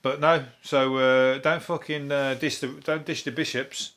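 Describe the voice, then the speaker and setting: A man's voice: medium pitch, little pitch movement, measured pace, a bit bright. A man with a Birmingham accent, a comedian hosting a rambling, sweary comic news monologue. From Birmingham, England. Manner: sweary, laughing, digressive. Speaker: comedian host.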